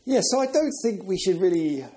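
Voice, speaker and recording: A man's voice: high-pitched, expressive, fairly quick, a crowd in the background. A man with an English accent co-hosting a podcast, bantering and joking in casual chat. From England. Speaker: podcast co-host.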